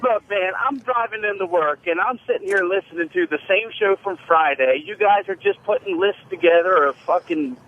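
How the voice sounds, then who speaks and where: A man's voice: high-pitched, normal speed, hardly any pauses, highs cut off. A man calling in to a radio show from his car while driving to work, bluntly complaining. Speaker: caller. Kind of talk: phone-in complaint.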